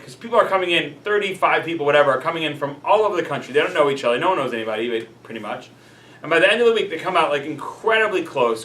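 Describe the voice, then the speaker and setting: High, bright-voiced rabbi in a roomy hall. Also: male voice. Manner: chatty, lots of "like" and "you know" fillers. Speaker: rabbi teaching a class. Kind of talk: casual storytelling lecture. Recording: roomy echo, mic at a distance.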